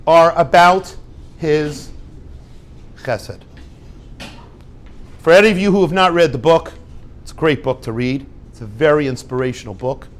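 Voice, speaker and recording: A man giving an informal Torah talk to a group, lively and conversational, acting out little dialogues and dropping Hebrew and Yiddish words. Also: a little high. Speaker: rabbi teaching a class.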